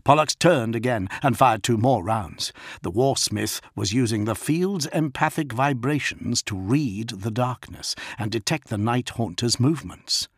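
A man narrating an action audiobook in an intense, expressive way. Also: medium pitch, measured pace, hardly any pauses, breathy edge, dry recording, studio quality.

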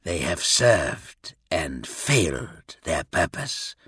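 A man's voice: extremely low pitch, sing-song, drawn-out words, bright, forceful tone, slightly rough, no room sound, clean studio sound, voice pushed down, exaggerated voice. A man voicing a cruel, brooding male warrior who snarls and mutters bitterly. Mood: cold muttering.

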